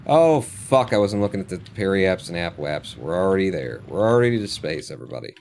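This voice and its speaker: A man's voice: low-pitched, sing-song, a little fast, creaky, a little mellow, a little hiss or hum. A man streaming a space game live, muttering and swearing at the game with sarcastic frustration. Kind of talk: live gameplay commentary.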